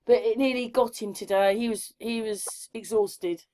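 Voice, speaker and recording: Soft-spoken chatty woman. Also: on the high side, steady tone, moderate pace. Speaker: co-host. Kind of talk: casual chat.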